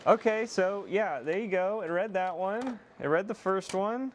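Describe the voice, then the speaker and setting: A young man casually chatting to viewers on a live stream while repairing a console, excitable and swearing freely. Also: high-pitched, unhurried, a little hiss or hum. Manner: excitable, swears, self-deprecating laughs.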